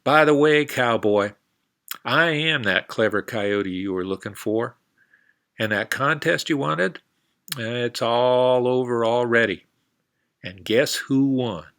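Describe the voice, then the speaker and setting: A storyteller putting on a sly coyote trickster with a soft, wheedling way of talking. His voice sits a little higher than the narration, gravelly and bright. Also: lively intonation, measured pace, full character voice. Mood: smug.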